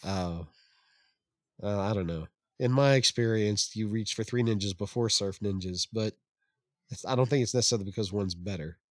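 A man's voice: on the low side, normal speed, no echo, studio quality. A man co-hosting a casual podcast, reading listener comments, laughing often and tripping over his own restarts. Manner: laughing and self-deprecating, stumbling over restarts.

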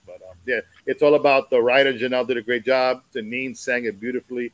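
A man talking as a guest music producer in a casual chat, telling stories in an animated way. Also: medium pitch, quick pace, hardly any pauses, dry recording, rough recording.

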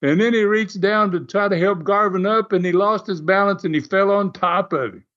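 A man with a somewhat high voice tells stories in a loose, animated way, chuckling often as he goes. The audio is muffled and lo-fi. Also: normal speed. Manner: animated, laughs often, acts out quoted voices. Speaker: guest recounting wrestling TV history. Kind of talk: casual storytelling.

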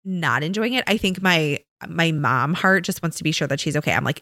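A woman in her thirties co-hosting a podcast, chatting casually and telling animated stories about her kids. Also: a little fast, hardly any pauses, no echo, studio quality. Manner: animated storytelling, imitates her kids in high voices. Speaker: podcast co-host. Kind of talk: casual chat.

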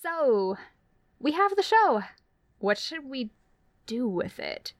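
A woman's voice: sits high, sing-song, slow, a little hiss or hum. A young woman co-hosting a casual podcast, playful and giggly with mock-serious asides. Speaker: podcast co-host and audio engineer. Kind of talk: casual comedic podcast chat.

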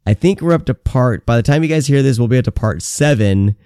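Smooth-voiced man hosting a podcast. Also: medium pitch, lively intonation, brisk, darkish tone, dry recording, clean studio sound. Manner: loose and joking, with frequent fillers. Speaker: podcast co-host. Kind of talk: casual chat.

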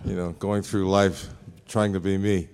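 A man answering fan questions as a guest on stage, pausing often with "uh" and chuckling as he tells stories. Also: sits low, little pitch movement, a little mellow, slight background noise. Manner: halting, many "uh"s, chuckles often. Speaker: celebrity guest on a fan panel. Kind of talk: casual stage Q&A. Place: large half-full stadium stage.

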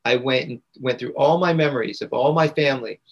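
A man's voice: medium pitch, brisk, husky, muffled recording. Earnest man retelling a hard experience. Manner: earnest, repeats phrases for emphasis. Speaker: podcast guest, integration coach. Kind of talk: personal storytelling in conversation.

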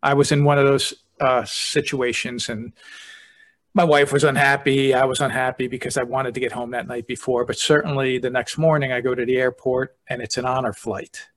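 A man's voice: medium pitch, level tone, normal speed, fairly bright tone. A man who is a deputy fire chief, telling stories earnestly and easily in a casual podcast chat.

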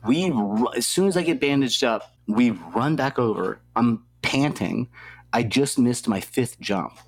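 A man's voice: mid-range voice, expressive, a little slow, a little mellow. A young man, an athlete guest in an interview, telling a story in a casual, rambling way, swearing freely and leaning on filler words. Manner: profane, loose, heavy on filler words.

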